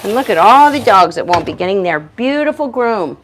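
A woman's voice: medium pitch, big pitch swings, brisk, a bit bright, slight background noise. A woman who works as a professional dog groomer, giving a chatty grooming demonstration indoors in her shop and talking both to the dog and to viewers.

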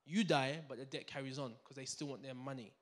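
A man with a medium-pitched voice leads a live finance seminar for an in-person audience, speaking a little fast. He's energetic and full of banter, quizzing the crowd as he goes.

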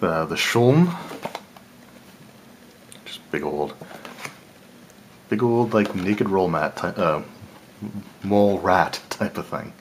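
Unhurried low-voiced male host, casual unboxing chat, faint background hum. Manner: relaxed, thinking aloud, small laughs and self-corrections. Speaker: channel host reviewing game cards.

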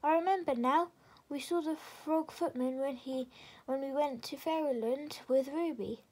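A woman doing an excitable young girl. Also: high voice, measured pace. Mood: excited.

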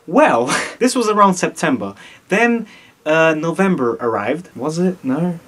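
A man's voice: a little high, sing-song, moderate pace, fairly bright tone. Young italian guy, slight accent, keeps cracking up while telling a story on camera. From Italy. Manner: giggly, keeps breaking into laughter. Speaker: vlogger.

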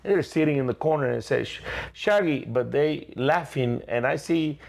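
A man's voice: on the high side, moderate pace, vocal fry. A man who is an evangelist clown, a guest in an interview, telling stories with energy and acting out what people said, with frequent restarts. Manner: energetic, repeats and restarts, acts out quotes. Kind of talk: animated storytelling interview.

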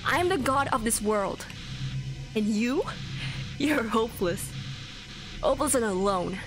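A woman's voice: fairly high pitch, lively intonation, a little slow. A woman voicing a gloating, evil male flower who taunts in a mocking, theatrical way, with game music behind.

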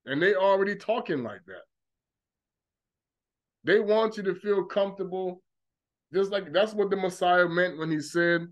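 Guy with a high voice preaching hard, mocking folks, muffled lo-fi sound. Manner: mocking, voices others in quick asides. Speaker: religious commentator. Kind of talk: preaching monologue.

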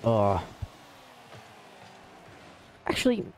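A man with an Australian accent streaming a car-ball game live, talking to chat and trash-talking opponents in excitable banter. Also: fairly low pitch, drawn-out words, a little hiss or hum. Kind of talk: live gaming commentary.

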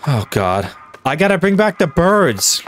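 A man commentating a let's play video, animated and often laughing and exclaiming. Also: on the high side, measured pace. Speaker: gaming video host. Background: game music.

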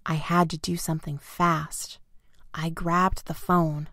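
Slow, gentle woman reading a children's story. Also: deep voice, level tone, no echo, studio quality. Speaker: storybook reader. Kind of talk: children's story read-aloud.

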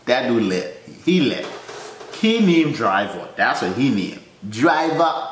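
A man hosting a reaction video in casual commentary, breaking into loud startled exclamations and laughter between wry remarks. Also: medium pitch, big pitch swings, slow pace, noisy background. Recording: roomy echo with faint ambience.

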